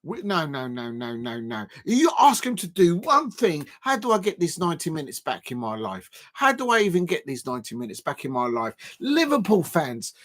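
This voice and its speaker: A man hosting a live football watch-along, ranting at rival fans with exasperated outbursts and sudden shouting. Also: on the high side, huge pitch swings, moderate pace, few pauses.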